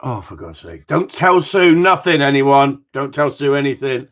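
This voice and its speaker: A man's voice: mid-range voice, sing-song, moderate pace, fairly bright tone. A man hosting a live Q&A, bantering and teasing his viewers in a rambling, joking way. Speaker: host of a live gundog Q&A stream. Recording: dull lo-fi livestream audio.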